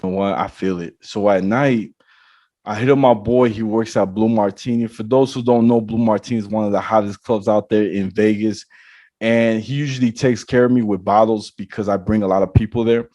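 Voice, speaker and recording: A man's voice: on the low side, a little fast, no room sound. A man, a podcast host, casually telling a long story and acting out the people in it. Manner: animated storyteller acting out dialogue.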